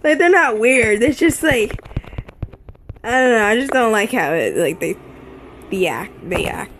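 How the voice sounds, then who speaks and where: A woman's voice: a little high, very animated, a little slow, fairly bright tone, a little hiss or hum. A young woman telling a casual story, rambling with lots of fillers and swearing.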